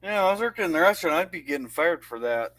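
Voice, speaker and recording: A man co-hosting a casual livestream from home, talking in a halting, hesitant way with many fillers. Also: fairly high pitch, lively intonation, a bit bright, no room sound. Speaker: livestream co-host. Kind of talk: casual live-stream chat.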